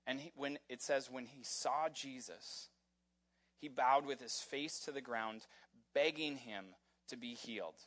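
A man preaching a sermon in a casual, animated storytelling way, with frequent fillers as he talks. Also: medium pitch, measured pace. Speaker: pastor. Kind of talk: conversational sermon.

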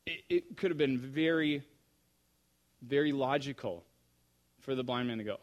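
A man preaching a sermon, telling a story with animated shifts between soft and loud speech. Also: medium pitch, moderate pace, pauses often.

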